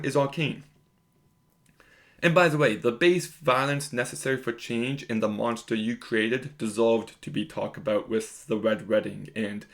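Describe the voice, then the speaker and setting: Young guy ranting about a tv episode, casual and emphatic, lots of "like", average pitch. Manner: emphatic, conversational, lots of "like" and "you know". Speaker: TV reviewer. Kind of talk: casual video review.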